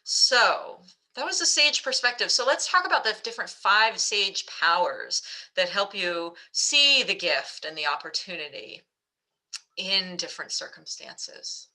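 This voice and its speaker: Bright-voiced woman telling a story. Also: mid-range voice, sing-song, unhurried, low-quality recording. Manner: chatty storyteller with fillers and laughs. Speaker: mental fitness coach. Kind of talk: webinar storytelling.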